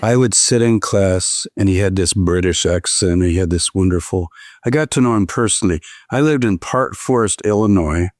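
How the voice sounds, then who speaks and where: A man's voice: sits low, normal speed, no echo, studio quality. A man in his seventies, a guest scholar telling anecdotes in a conversation, who slips into the voices of the people he quotes. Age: 70s. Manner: lively, quotes others in voiced asides. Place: indoors, in-person conversation.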